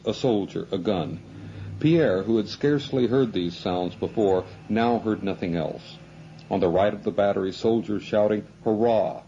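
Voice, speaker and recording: Deep, dark-voiced male narrator. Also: dull audio, slight background noise. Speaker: audiobook narrator. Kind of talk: scripted narration.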